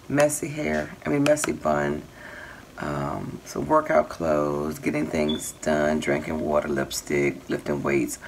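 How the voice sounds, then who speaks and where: A middle-aged woman with a low, gravelly voice runs a casual crafting haul video, wandering from item to item with plenty of fillers. Her pitch rises and falls a lot as she chats. Steady background noise sits under her voice. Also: rough recording. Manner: chatty, rambling, lists items with many fillers. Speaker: crafting channel host.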